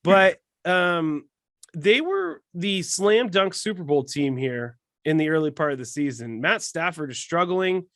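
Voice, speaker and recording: A man hosting a casual sports podcast, chatty and quick to joke at his own expense. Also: fairly high pitch, lively intonation, a bit bright, no echo, studio quality. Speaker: podcast host.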